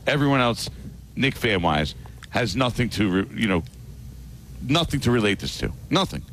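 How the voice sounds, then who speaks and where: A man's voice: fairly low pitch, sing-song, moderate pace, fairly bright tone, slight background noise. A man co-hosting a sports radio show, explaining at length in a loose conversational way.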